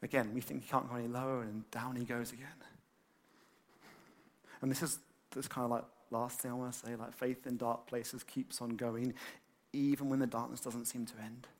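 A man preaching a sermon, animated and conversational, with many fillers and repeated words. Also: mid-range voice, moderate pace. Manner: animated, acts out excited quotes.

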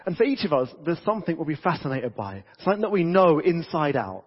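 A man preaching in a church hall, with an excitable, conversational delivery. His voice sits a little high with a husky grain. The recording is dull and lo-fi, and his words ring out into a long church reverb. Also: fast talker. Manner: energetic, conversational, frequent restarts. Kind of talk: lively sermon.

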